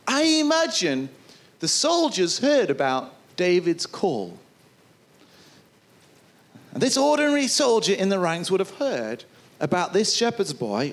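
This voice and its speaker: A man preaching a sermon, retelling a Bible story with lively asides and putting on quick voices for the people in it. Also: on the high side. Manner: acts out voices of soldiers and kings; chuckles and asides.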